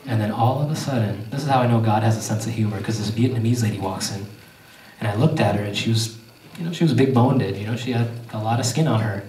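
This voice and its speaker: A male stand-up comedian doing an animated storytelling set with crowd work on a theater stage. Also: lowish voice, fast talker, distant mic, a little hiss or hum. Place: theater stage before a live audience. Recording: echoey theater heard from afar. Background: audience laughter.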